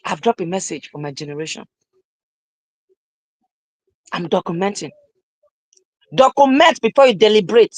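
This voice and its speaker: A young man giving a live-streamed motivational talk, repeating his lines emphatically and rising at times to shouts. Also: high voice, big pitch swings, normal speed, long pauses, no echo, low-quality recording. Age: young adult. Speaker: motivational speaker.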